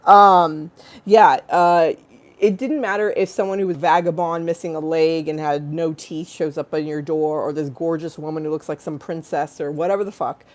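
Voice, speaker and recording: A woman's voice: deep voice, steady tone, normal speed. A woman hosting a casual livestream from home, rambling and giggly, swearing freely and breaking into little sung snatches. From Los Angeles-based. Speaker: livestream host. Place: home in a hot room with a fan.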